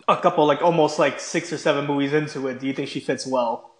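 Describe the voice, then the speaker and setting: A man's voice: on the high side, steady tone, fast talker, reverberant. A man co-hosting a podcast, talking casually and enthusiastically in long run-on thoughts. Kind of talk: casual chat.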